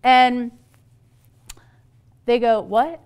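A woman giving a storytelling talk on parenting to an audience, animated and acting out the voices she quotes. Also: a little high, drawn-out words, clean tone. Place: event hall.

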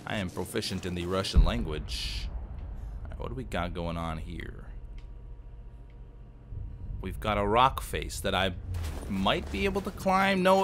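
A man's voice: on the low side, fairly bright tone, a little hiss or hum. A man in his thirties giving casual, playful gameplay commentary with joking asides. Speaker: let's play host.

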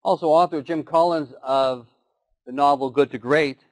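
A man's voice: a little high, moderate pace, poor audio. A man giving a motivational keynote talk, telling stories and doing short animal voices. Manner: storytelling with acted animal voices. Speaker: keynote speaker.

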